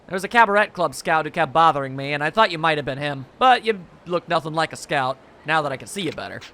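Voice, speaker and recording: A man voicing a lovesick, heartbroken young woman in a video game, reading her lines in a lowered, subdued tone. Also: animated, fast, sharp tone. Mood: glum.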